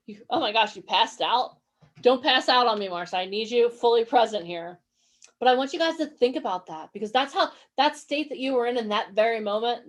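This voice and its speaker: Woman, high voice, motivational coach, energetic, encouraging, asks the audience questions, video call. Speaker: acting and modeling coach. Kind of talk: motivational workshop talk.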